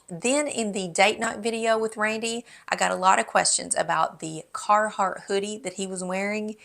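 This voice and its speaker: A woman's voice: medium pitch, gravelly. A middle-aged woman with a Southern drawl talks straight to her viewers, chatty and friendly, dropping the odd "y'all". It sounds like a casual home vlog recorded at her desk. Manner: chatty and warm, says "y'all". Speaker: lifestyle YouTuber. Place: home office.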